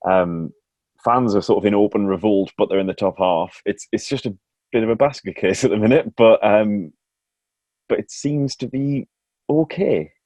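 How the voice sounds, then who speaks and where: A man's voice: lowish voice, moderate pace, darkish tone, no echo. A man hosting a casual sports podcast, chatty and self-mocking, laughing often. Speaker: podcast host.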